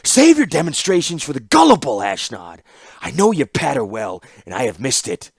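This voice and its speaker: A man voicing a stern, commanding older warlord who speaks grimly and forcefully. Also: medium pitch, huge pitch swings, gravelly, slightly rough, no room sound, pitched above the performer's own voice, exaggerated voice. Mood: scornful. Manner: grim, slow and forceful.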